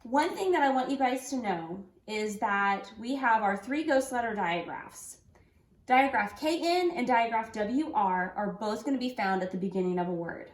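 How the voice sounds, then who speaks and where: A woman with a slightly high voice teaches young children a phonics lesson. She talks slowly and clearly, spelling out letters and encouraging the kids along. The room around her sounds roomy and echoey. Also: lively intonation. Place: home room with an easel.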